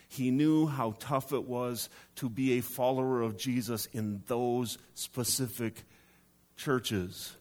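Male pastor, sermon delivery, mid-pitched, dramatic with hushed emphasis. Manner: dramatic, drops to a hush for emphasis.

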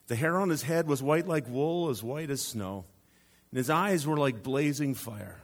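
Male pastor preaching with dramatic hushes. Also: medium pitch. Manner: dramatic, drops to a hush for emphasis. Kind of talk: sermon.

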